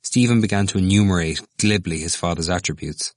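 A man narrating a novel in a measured, even literary reading. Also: low-pitched, dry recording. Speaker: audiobook narrator. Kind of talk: scripted narration.

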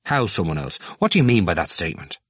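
Guy reading as a sharp young student poking with questions, deep dry voice, swoops up on questions. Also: very animated, fast, breathy edge, dry recording, exaggerated voice. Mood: probing. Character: young male student, probing and sardonic.

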